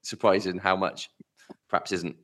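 A man co-hosting a podcast in casual chat, rambling and trailing off quietly at the ends of phrases. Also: low voice, flat delivery, moderate pace. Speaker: podcast co-host.

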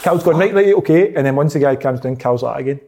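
A man's voice: mid-range voice, rapid-fire, gravelly. A man with a Scottish accent telling a story in casual chat, laughing often and acting out what people said. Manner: animated, laughs often, acts out quotes.

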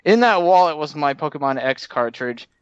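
A man co-hosting a casual podcast, excitable in banter and reading listener email. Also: fairly high pitch, normal speed, smooth. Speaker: podcast co-host. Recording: dull, dry home mic.

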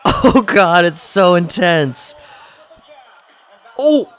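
A man with a fairly high voice and an unhurried delivery, calling out what he sees while watching a film. He keeps gasping and exclaiming, then drops into jokey asides in a relaxed, comic podcast-host manner. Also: some chatter behind. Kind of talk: live reaction commentary while watching a film.

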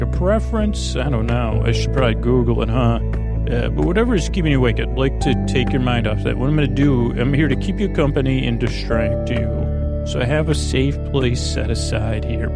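A man hosting a sleep podcast, talking slowly in a creaky voice and drifting off into tangents full of filler. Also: medium pitch. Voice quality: creaky, meandering. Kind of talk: rambling bedtime monologue.

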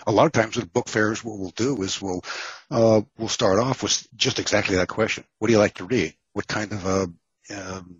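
Husky Texan man telling rambling stories. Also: fairly low pitch, fairly even intonation, normal speed, no room sound, muffled recording. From Texas. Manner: rambling, many "uh" fillers, wry anecdotes. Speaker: author guest. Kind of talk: casual interview storytelling.

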